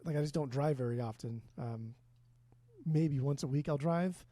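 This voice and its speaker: Husky, mellow male co-host. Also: on the high side, moderate pace, no room sound. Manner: laid-back, profane, teasing. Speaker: podcast co-host. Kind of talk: casual podcast chat. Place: remote, own room.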